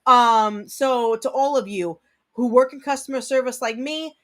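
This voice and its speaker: A woman's voice: fairly high pitch, measured pace. A woman co-hosting a casual livestream chat, talking in a blunt, brash way and swearing freely. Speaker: co-host.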